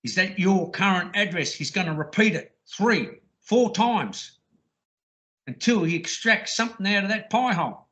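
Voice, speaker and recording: A man's voice: high-pitched, lively intonation, moderate pace, sharp tone. A man on a call, recounting a police stop in a crude, insistent, mocking way. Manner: mocks the officer's lines, crude and insistent. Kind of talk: rambling call-in monologue.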